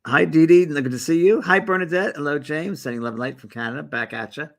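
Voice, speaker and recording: Gravelly-voiced man hosting a livestream. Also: on the high side, fast. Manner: relaxed and rambling, with many fillers and restarts. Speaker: host of a spiritual livestream. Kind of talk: casual livestream chat greeting viewers. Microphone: phone or webcam held by the speaker.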